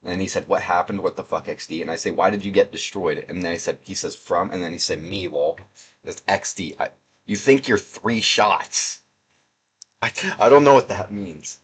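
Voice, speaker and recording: Husky low-voiced young man. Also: normal speed, fairly bright tone. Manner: sarcastic, mocking, rambling with restarts. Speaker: gaming video creator. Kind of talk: casual commentary reading chat messages.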